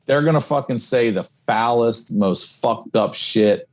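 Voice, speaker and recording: A man's voice: mid-range voice, measured pace. A middle-aged man, a comedian, chatting as a podcast guest in a loose, profane storytelling way. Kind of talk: casual podcast chat.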